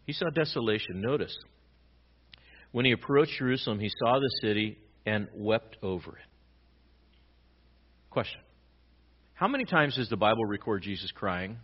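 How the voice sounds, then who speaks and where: A man pastor preaching a sermon, swinging between loud emphatic lines and quiet low ones. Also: animated, normal speed, long pauses, breathy edge, lo-fi sound.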